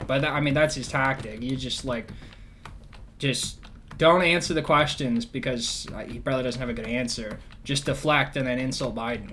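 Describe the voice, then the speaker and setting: A man's voice: mid-range voice, fairly even intonation, normal speed, bright, forceful tone, slight background noise. A man ranting in a casual, rambling way, swearing often and full of sarcasm. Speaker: vlogger. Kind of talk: casual rant.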